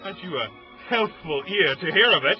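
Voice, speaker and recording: A man playing a noble, troubled Roman conspirator in a Shakespeare audio drama, speaking verse with measured solemnity. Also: sits high, expressive. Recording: dull lo-fi audio with faint music.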